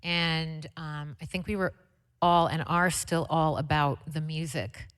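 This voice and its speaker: A woman guest telling stories in a chatty, excitable way with lots of fillers, speaking onstage at a live conversation event. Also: low-pitched, unhurried, clean tone. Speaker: interview guest, singer. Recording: long hall reverb.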